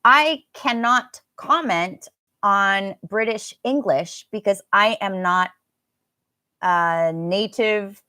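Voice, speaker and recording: An American woman teaches a live online pronunciation class, chatting and laughing while she responds to viewer comments. The English teacher speaks slowly in a mid-range voice with a sharp tone, and the recording is dry with clean studio sound.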